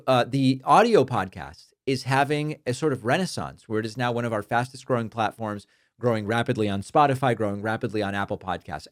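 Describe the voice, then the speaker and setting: Male podcast host, conversational, fillers and restarts, mid-pitched voice, dry close sound. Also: no echo. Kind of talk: political commentary, reading listener mail.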